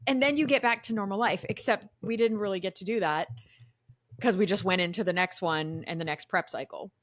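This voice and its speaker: A woman from Florida co-hosting a casual podcast, telling stories in an animated, ranting way from her home desk. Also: mid-range voice, fairly quick. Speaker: podcast co-host. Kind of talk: casual chat. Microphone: video call setup.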